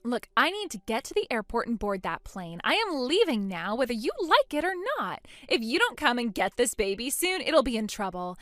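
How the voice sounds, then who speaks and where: A woman's voice: a little high, big pitch swings, normal speed, few pauses, fairly bright tone, no room sound. A woman voicing a selfish young mother who dismisses her own baby, in scripted dialogue. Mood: scornful. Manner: scornful, dismissive, sneering. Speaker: voice actor in a text-story drama.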